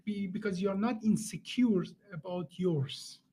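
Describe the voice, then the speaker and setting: A man's voice: sits high, unhurried, mellow, slightly rough. A man hosting a casual live conversation, talking with many fillers and restarts and slightly non-native grammar, joking and laughing often. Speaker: host.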